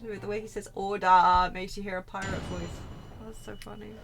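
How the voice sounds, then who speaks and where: A woman's voice: medium pitch, little pitch movement, fast, vocal fry, over music. A woman streaming a game, chatting casually in a playful, teasing way. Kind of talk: casual let's-play chat.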